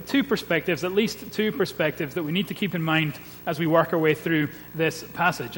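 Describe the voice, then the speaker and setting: A male pastor preaching a sermon in an earnest, measured way, building points with repeated refrains. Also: on the high side, fairly bright tone. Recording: long reverb with faint hum.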